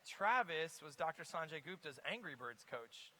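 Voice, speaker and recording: Investor guest, bright forceful voice, lively storyteller on a conference stage. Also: male voice, fairly high pitch, moderate pace, rough recording. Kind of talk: onstage conference interview.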